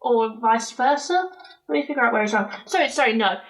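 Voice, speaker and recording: A woman with a fairly high voice chats casually as a podcast co-host. She speaks in an opinionated, chatty way, with quick asides. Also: animated. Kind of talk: casual chat.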